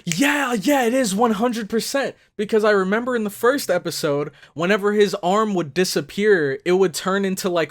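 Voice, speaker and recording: Excitable man reacting, lively swooping pitch. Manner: excitable, bursts into loud exclamations; thinks aloud with many fillers. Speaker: anime reaction host. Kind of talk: casual reaction commentary.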